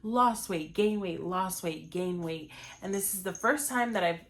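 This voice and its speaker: A woman's voice: lowish voice, measured pace. A young woman talking earnestly and emotionally to her viewers about her weight loss, with lots of "like" and "you know". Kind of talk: casual confessional talk to camera.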